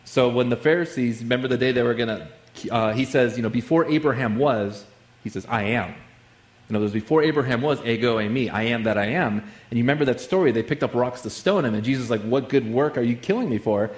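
A man's voice: mid-range voice, fast, echoey room. A man preaching a sermon in a conversational way, with many asides and fillers. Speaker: pastor.

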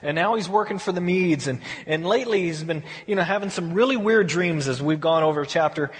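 A man's voice: a little high, brisk, in a large hall. A man giving a conversational verse-by-verse Bible study, often repeating words as he thinks. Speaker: Bible teacher.

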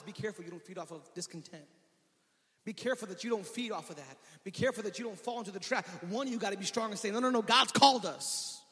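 A male pastor preaching a sermon with energy, rising to shouts and falling to quiet asides. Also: high voice. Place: church sanctuary. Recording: long hall reverb.

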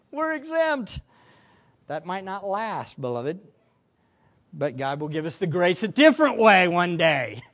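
A male pastor preaching with a lively, swooping pitch, his voice jumping up loud when he acts out other people. The sound is dull and lo-fi. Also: takes it slowly, long pauses. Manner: animated, acts out voices of disciples with sudden loud bursts. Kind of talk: sermon.

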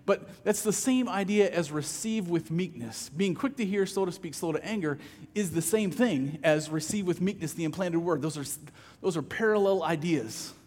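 A man's voice: high-pitched, lively intonation, normal speed, hardly any pauses, darkish tone, in a large hall. A man preaching a sermon as pastor, conversational, often repeating words as he starts a phrase.

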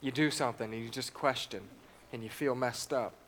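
A man's voice: mid-range voice, steady tone, brisk, fairly bright tone, a little hiss or hum. A man preaching a sermon, reading scripture aloud and putting questions to the congregation.

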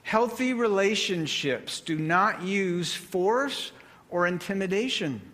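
Male pastor, sermon delivery, unhurried and measured, higher register. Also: lively intonation, a bit bright. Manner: slow, deliberate delivery with measured pauses. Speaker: preacher.

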